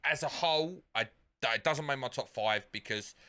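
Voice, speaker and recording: A man co-hosting a casual podcast, his voice bright and cutting. He rambles through his points with plenty of swearing and false starts. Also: medium pitch, normal speed, clear, resonant tone. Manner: rambling, sweary, restarts often. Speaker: podcast co-host. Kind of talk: casual chat.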